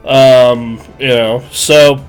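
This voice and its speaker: A man's voice: mid-range voice, fairly even intonation, very slow, faint music behind. A man in his twenties telling a crude, self-mocking story on a live stream, full of fillers and rambling asides.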